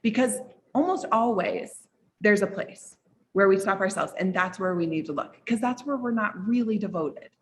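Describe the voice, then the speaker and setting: A woman business coach telling a personal story to a group, animated and full of "like", with big jumps up in pitch. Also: moderate pace.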